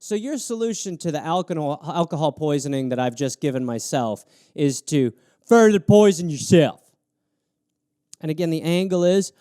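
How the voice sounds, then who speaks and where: Animated, high-voiced male comedian riffing. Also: normal speed, clean tone, no room sound, clean studio sound. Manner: animated, crude, jumps into voices. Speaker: comedian host of a live show. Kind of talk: improvised comedy riffing on prompts.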